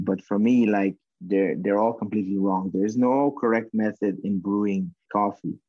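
A man with a fairly low, breathy-husky voice talks loosely about running his coffee shop, peppering everything with slang and the odd curse. It sounds like a casual podcast chat. The recording is dry and a bit muffled. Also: darkish tone, no echo. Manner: slangy, profane, laughing storyteller.

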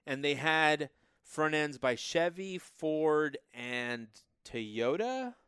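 Guy cohosting a car podcast, tells stories, acts out the quotes, smooth voice, dry mic. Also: fairly high pitch, expressive, very slow, a bit bright, no echo. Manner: storytelling, acts out quoted people. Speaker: podcast co-host. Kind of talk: casual chat.

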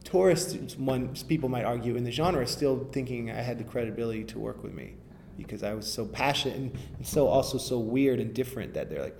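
A man's voice: medium pitch, expressive, brisk, creaky, a little mellow, a little hiss or hum. A man, a rapper, talking casually in an interview, rambling and restarting often with enthusiasm.

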